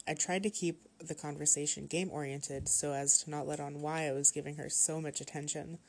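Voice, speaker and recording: Low-voiced woman reading a horror story. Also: darkish tone. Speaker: story narrator.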